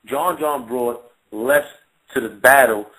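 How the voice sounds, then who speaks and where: A man's voice: medium pitch, slow pace, sharp tone, husky, low-quality recording. A man giving blunt, insistent opinions in a casual panel chat, often asking "you understand?". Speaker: battle rap commentator.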